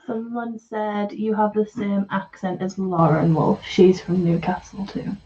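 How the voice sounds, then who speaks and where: A woman's voice: mid-range voice, level tone, unhurried, warm tone, recorded from a distance, dull audio. A woman with a Geordie accent from Northeast England, chatting casually on a livestream and laughing between sentences. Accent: Northeast English, Geordie. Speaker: co-host.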